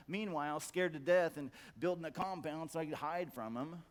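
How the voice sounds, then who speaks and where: A middle-aged man with a fairly high voice talks to a crowd at a conference. He is blunt and swears freely, stacking the same word again and again to drive a point home. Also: fairly quick, few pauses. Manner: blunt, profane, emphatic repetition; acts out quoted voices in a loud high squawk. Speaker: conference speaker. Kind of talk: profane motivational talk. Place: conference hall.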